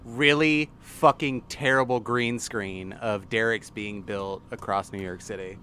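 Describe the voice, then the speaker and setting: A man's voice: on the low side, measured pace, pushed and bright, a little hiss or hum. A man co-hosting a comedy podcast, chiming in with dry wisecracks. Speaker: podcast co-host. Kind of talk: comedic chat.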